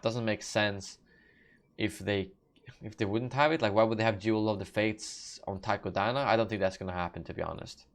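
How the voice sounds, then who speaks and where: A young gaming channel host speaks in a lowish, fairly even voice at a moderate pace during a live Q&A. Drowsy and yawning, he reads out questions from chat and answers in a rambling way, heavy on fillers and self-corrections.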